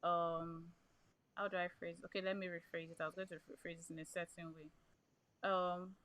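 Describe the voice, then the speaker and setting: Woman podcast host, lower pitch, relaxed, rewords her questions as she talks. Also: poor audio. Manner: supportive, quick to laugh, searches for words when asking. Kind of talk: casual interview.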